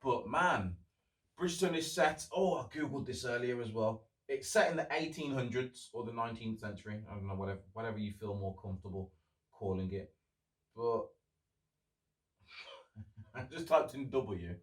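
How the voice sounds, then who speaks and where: A man's voice: medium pitch, lively intonation, moderate pace, long pauses, recorded from a distance. Solo podcast host, young man, chatty and loose with swears, sits back from the mic in a roomy space. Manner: rambling, chatty, swears freely. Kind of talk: casual solo podcast chat.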